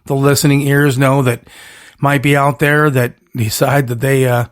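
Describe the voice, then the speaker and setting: A man's voice: medium pitch, little pitch movement, normal speed. A man hosting his own solo podcast, talking in a rambling, emphatic way with punchy catchphrases and frequent self-corrections. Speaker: podcast host.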